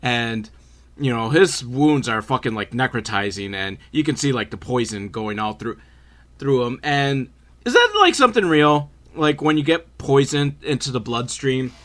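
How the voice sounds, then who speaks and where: A man's voice: mid-range voice, lively intonation, moderate pace, a bit bright. A man hosting a podcast, casually recapping a horror movie with sarcastic, swearing asides. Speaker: podcast host.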